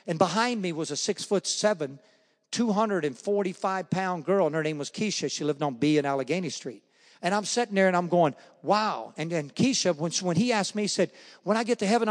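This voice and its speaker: A man telling a testimony story at a men's breakfast, acting out the dialogue with bursts of emphasis. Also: a little high. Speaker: guest speaker at a men's breakfast. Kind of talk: testimony speech. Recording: long reverb of a hall.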